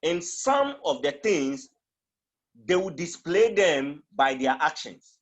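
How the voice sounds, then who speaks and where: A man's voice: a little high, animated, takes it slowly. A man giving a teaching talk on marriage, emphatic and repetitive, acting out different tones of voice as examples. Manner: emphatic, repeats phrases and demonstrates tones of voice. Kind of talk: teaching talk, switching between languages.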